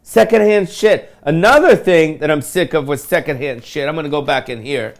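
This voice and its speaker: A man's voice: on the high side, moderate pace. A man doing a self-pitying comedic rant to camera, swearing constantly in slangy surfer-dude talk. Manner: profane, self-pitying, ranting.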